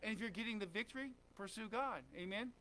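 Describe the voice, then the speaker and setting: A man's voice: high-pitched, fast talker, a bit bright, a little hiss or hum. A man preaching a conversational sermon in a church, often asking the congregation questions and saying "amen.". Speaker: pastor.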